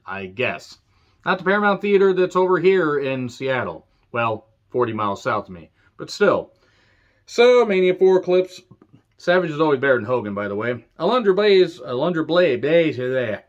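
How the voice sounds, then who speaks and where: A man's voice: medium pitch, sing-song, brisk, a bit bright. A man giving a casual, rambling wrestling review with sarcastic, crude humor. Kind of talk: casual spoken video review. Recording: dull lo-fi sound.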